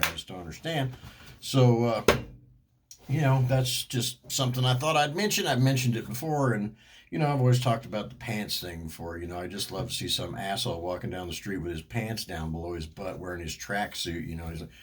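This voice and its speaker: A middle-aged man talks straight at the camera in a loose, rambling rant. His voice sits a little low, and his tone is sarcastic and cranky, with frequent swearing. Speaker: vlogger. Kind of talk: casual ranting monologue.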